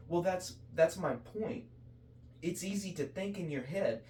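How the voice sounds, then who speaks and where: A man's voice: high-pitched, unhurried, a little mellow, reverberant, a little hiss or hum. Earnest guy preaching casually on a podcast, lots of restarts, voice bouncing round the room, mic a bit far off. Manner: earnest, preachy, full of self-corrections. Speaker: podcast co-host. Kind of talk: casual faith talk.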